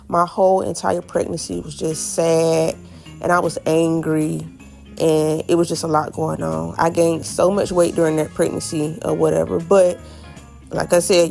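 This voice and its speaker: A young woman tells a storytime vlog in a casual, animated way, talking straight to her viewers and acting out what people said. Her voice sits fairly low with a gravelly fry, and soft music plays underneath. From Florida. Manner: animated, addresses viewers as y'all, acts out quotes. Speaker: vlogger.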